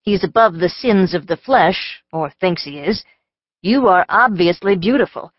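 A woman voicing an earnest, persuasive young male professor in his late twenties, a smooth talker, in an audiobook. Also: sits high, normal speed, no room sound. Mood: earnest pleading. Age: late 20s. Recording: slightly dull audio.

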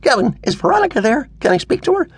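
Worried dad, urgent and exasperated, pitched up and wide-swinging, as a male narrator puts him on. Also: very animated, fast talker, breathy edge, no echo, heavily acted. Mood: agitated. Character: father, a worried middle-aged man.

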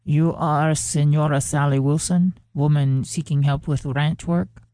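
Woman voicing a soft-spoken Spanish-accented ranch hand. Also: sits low, fairly even intonation, measured pace, no echo, studio quality. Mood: courteous. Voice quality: soft, formal, gentle.

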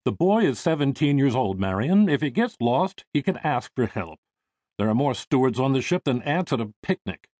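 A man's voice: mid-range voice, sing-song, normal speed, darkish tone, no echo, voice pushed up. A man voicing a jovial, reassuring middle-aged wealthy father in an audiobook.

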